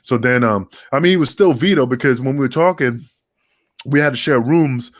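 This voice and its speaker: A man's voice: mid-range voice, normal speed. Former wrestler guy swearing n laughing thru a long road story. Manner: profane, rambling, laughs through his stories. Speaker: podcast guest, former wrestler. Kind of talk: casual storytelling.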